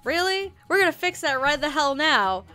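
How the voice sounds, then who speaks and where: A woman's voice: sits high, very animated, normal speed, sharp tone, faint music behind, pitched above the performer's own voice, full character voice. A woman voicing a bold, frisky mature woman witch in a put-on English accent, with a saucy, teasing manner.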